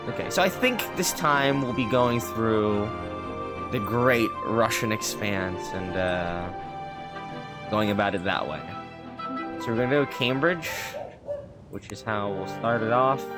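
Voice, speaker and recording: A man's voice: on the low side, slow, long pauses, loud music behind the voice. A man streaming a game, chatting casually and thinking aloud with lots of fillers. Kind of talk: casual gameplay commentary.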